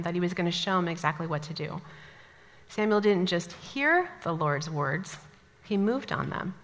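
A woman from the American Midwest teaching a Bible study, telling stories with lively asides. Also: on the low side. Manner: animated storytelling, lively asides. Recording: long hall reverb.

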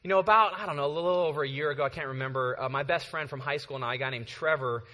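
A man's voice: a little high, racing, sharp tone, big-room sound. A man from the Bay Area preaching a sermon as a pastor, telling a story conversationally and often checking in with "right?". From San Francisco Bay Area.

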